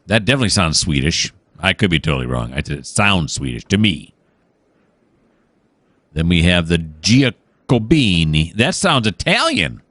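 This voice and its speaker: A man's voice: sits low, fairly bright tone, no room sound. A man hosting casual let's-play commentary, rambling and musing aloud with many fillers and restarts. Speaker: gaming channel host.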